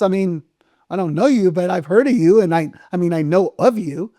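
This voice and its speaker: Animated middle-aged man telling stories. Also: high-pitched, a little fast, no room sound, studio quality. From United States. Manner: animated storyteller acting out quoted dialogue, swears casually. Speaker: restaurant owner and guest. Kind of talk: casual storytelling interview.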